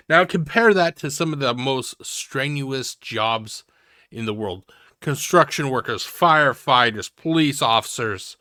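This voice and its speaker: A man's voice: medium pitch, expressive, measured pace, pushed and bright, no room sound, clean studio sound. A man giving mocking reaction commentary, sarcastic and ranting, swearing heavily. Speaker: commentary host.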